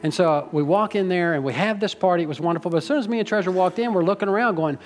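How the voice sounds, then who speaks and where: Faint music runs behind a middle-aged pastor whose high voice moves at a quick pace with few pauses. Preaching in his church sanctuary, he rambles in a folksy manner, ribs his congregation, and becomes emotional.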